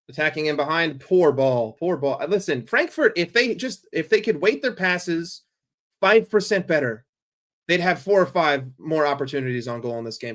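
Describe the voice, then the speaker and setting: Profane, excitable man calling a match live. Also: fairly high pitch. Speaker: streamer hosting a football watchalong. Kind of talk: live play-by-play commentary for a chat.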